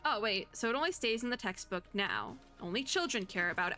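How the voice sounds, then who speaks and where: A young woman streaming a game, thinking out loud in a chatty way and reading the dialogue aloud. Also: medium pitch, lively intonation, fast talker, hardly any pauses, soft background music. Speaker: VTuber gamer. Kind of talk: casual gameplay commentary.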